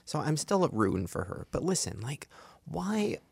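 A young man co-hosting a comedy podcast, his voice carrying a gravelly rasp. He tells stories with lively energy, slipping into the voices of the people he quotes. The sound is close and dry, with no room around it. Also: on the high side, moderate pace, no echo. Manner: animated storytelling, swearing, acting out quotes. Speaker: podcast co-host. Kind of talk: casual comedic chat.

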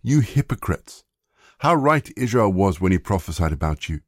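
A man reading the lines of Jesus as a calm, measured male teacher in a plain voice. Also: low-pitched, no room sound, clean studio sound. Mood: steady.

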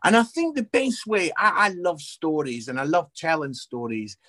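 High-voiced animated male storyteller. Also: normal speed. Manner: animated storyteller, many restarts. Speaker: evangelist and comedian. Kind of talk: personal testimony in an interview.

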